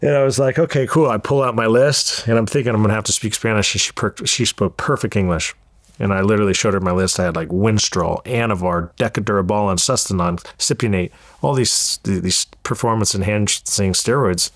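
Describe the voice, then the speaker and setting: A man's voice: fairly low pitch, a little fast, no room sound, studio quality. A man in his forties from Southern California, a guest telling his life story in an interview, with a candid, profane, repetitive way of talking. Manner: candid, profane, repeats words as he goes.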